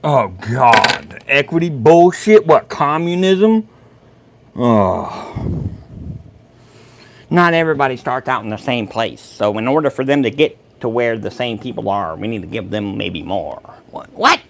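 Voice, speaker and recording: Salty man, slow and lively. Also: medium pitch, vocal fry, a little hiss or hum. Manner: salty, swears freely, laughs loudly at his own jokes. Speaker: host of a live chat. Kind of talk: casual livestream chat reading comments.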